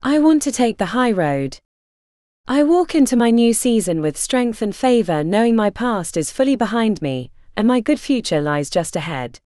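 A woman's voice: on the high side, moderate pace, dry recording. A woman narrating a faith-based devotional audiobook in an earnest, encouraging way, close to the microphone. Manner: earnest, encouraging, expressive inflection.

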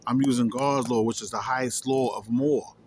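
A man's voice: mid-range voice, fairly even intonation, brisk, a little hiss or hum. A man reading scripture aloud and explaining it emphatically, repeating key words and challenging his listeners. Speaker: scripture teacher.

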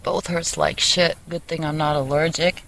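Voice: mid-range voice, flat delivery, moderate pace, vocal fry, a bit bright, a little hiss or hum, poor audio. A vlogger in a casual, rambling personal chat who talks candidly, swears freely and laughs often, recorded outdoors on a handheld phone. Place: outdoors in a meadow, sitting on a wooden bench.

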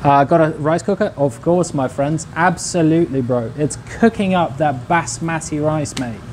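A man's voice: a little high, moderate pace, darkish tone, a little hiss or hum, low-quality recording. A young man casually chatting to his viewers while he cooks on a livestream, in a laid-back, slangy way. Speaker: streamer. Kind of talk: casual cooking livestream chat.

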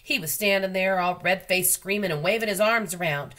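An American school librarian reads a children's book aloud to her students, telling the story expressively. Her voice sits in the mid-range and moves at a brisk clip.

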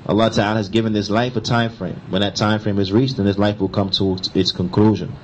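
A man's voice: fairly low pitch, level tone, fairly quick, slight background noise, low-quality recording. A man giving a religious lesson, switching between recited Arabic and emphatic, repetitive explanation. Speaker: Islamic teacher. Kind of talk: lecture explaining a hadith.

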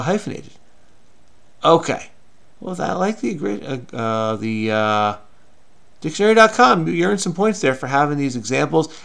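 A man's voice: mid-range voice, gravelly, sharp tone. A man hosting a crossword-solving video, talking frenetically and muttering to himself as he searches. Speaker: crossword solver. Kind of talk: casual puzzle-solving commentary.

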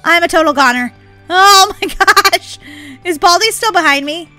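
Super bright high-pitched girl yelping and giggling thru a spooky game. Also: normal speed, faint music behind. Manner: squealing, laughing, breathless exclamations. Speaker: gaming channel host. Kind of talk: excited gameplay commentary.

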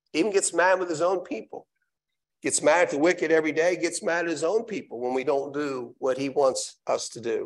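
A man preaching a live sermon in a church, reading scripture aloud and then restating it with emphatic repetition. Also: a little high. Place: church sanctuary.

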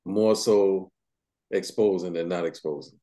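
A man's voice: low-pitched, a little slow, mellow. A man co-hosting a podcast, talking in a slangy, emphatic way and often repeating words. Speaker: podcast co-host. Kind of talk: casual chat.

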